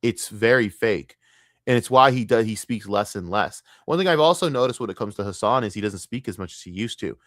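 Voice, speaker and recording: A man with a lowish voice tears into his subject, blunt and scornful, swearing freely. The sound is dry and close, with no room around it. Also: animated, brisk, fairly bright tone, no room sound. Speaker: streamer reacting to a documentary. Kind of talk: profane reaction rant.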